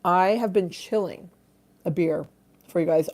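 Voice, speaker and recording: A woman's voice: lowish voice, a little slow, long pauses, a little mellow. A woman chatting casually on a live stream, irreverent and self-mocking, swearing freely while she eats and drinks.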